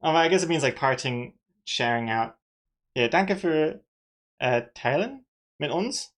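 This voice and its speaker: A woman's voice: low-pitched, lively intonation, a little slow. A woman from Austria chatting casually on a live stream, playful and self-mocking, often laughing at herself.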